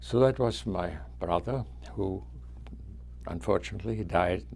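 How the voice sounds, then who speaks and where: Slow, gravelly old man with foreign accent. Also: low-pitched, darkish tone, a little hiss or hum. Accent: foreign accent, origin not named. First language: not English. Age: 90s. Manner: halting, with restarts. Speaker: guest speaker. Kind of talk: telling life memories to students.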